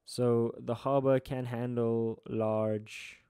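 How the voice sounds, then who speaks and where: A young man with a South African Durban accent and a mid-range voice, tutoring geography exam answers. His delivery is relaxed and chatty, with joking asides and playful slang between points. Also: medium pitch, normal speed. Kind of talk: casual exam-answer walkthrough lesson.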